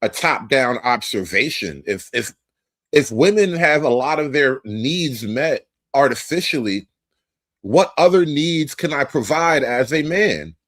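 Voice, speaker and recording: A man argues his case on a talk panel, deliberate and pointed as he builds a premise step by step. His voice sits at a middling pitch and is recorded close and dry, with no room sound. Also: expressive, fairly bright tone, no echo. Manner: deliberate, argumentative, lays out a premise. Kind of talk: debate on a talk show.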